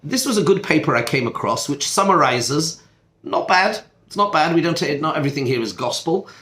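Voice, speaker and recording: A man's voice: a little high, expressive, a little fast, bright, forceful tone. A man, a rabbi teaching a study group, gives an informal classroom lecture. His talk is conversational, full of asides, rhetorical questions and restarts mid-sentence. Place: seminar classroom. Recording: echoey classroom.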